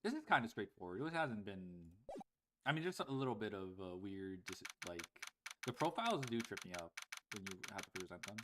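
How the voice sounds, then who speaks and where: A man's voice: on the low side, very animated, a little fast, background noise. A man giving casual, joking livestream commentary while speedrunning, laughing often. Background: loud game music.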